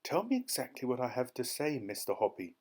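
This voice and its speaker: A man doing a shrill, gushing old lady. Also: huge pitch swings, fairly quick, a little mellow. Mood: earnest. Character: excitable kindly older lady tortoise-lover.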